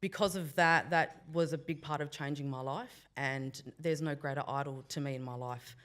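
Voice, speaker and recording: A woman's voice: low-pitched, fairly even intonation, moderate pace. A woman with an Australian accent giving a Welcome to Country speech to a breakfast crowd, joking with the room between formal thanks. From Western Australia. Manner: warm, playful crowd banter. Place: event room before a breakfast audience.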